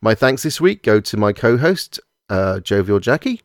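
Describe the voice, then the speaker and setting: Male podcast host, lowish voice, dry close sound, wry rambling banter. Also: big pitch swings, moderate pace, dry recording. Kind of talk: casual movie podcast chat.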